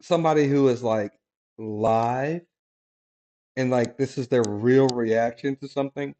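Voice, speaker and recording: A middle-aged man hosting a casual podcast chat, talking in an animated way, laughing often and restarting his sentences. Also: mid-range voice, measured pace. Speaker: podcast host.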